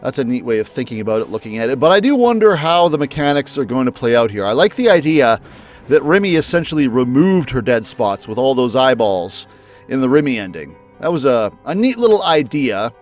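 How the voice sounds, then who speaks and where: A male let's play host talks casually, musing over the story and wondering aloud what comes next. His voice sits in a middle range and often leaps up when he gets excited. Faint music plays under him. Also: a little fast. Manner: chatty, musing, with lively jumps in pitch. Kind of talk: casual commentary before a game.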